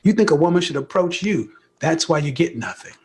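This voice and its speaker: A man's voice: on the high side, expressive, fairly quick, gravelly, darkish tone, slight background noise. Blunt, scolding male advice host. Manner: blunt, scolding, rhetorical questions. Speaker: dating advice show host. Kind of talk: confrontational advice talk.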